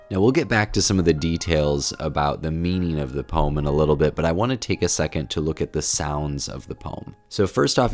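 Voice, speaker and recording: Male literature lecturer, very deep voice, reflective and explanatory, soft music bed. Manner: thoughtful, explanatory, with restarts. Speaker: literature teacher. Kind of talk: poetry lecture.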